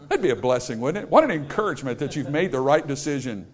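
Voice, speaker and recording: A man's voice: mid-range voice, fast, hardly any pauses. A man preaching a sermon, storytelling and acting out the people he quotes. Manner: animated, acts out quoted voices.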